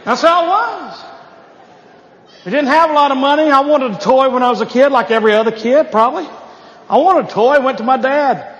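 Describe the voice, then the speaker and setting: A man's voice: very high voice, brisk, a bit bright, dull audio. A man from Appalachia doing a stand-up comedy set, telling folksy stories with punchy asides. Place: live venue. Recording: echoey hall with audience.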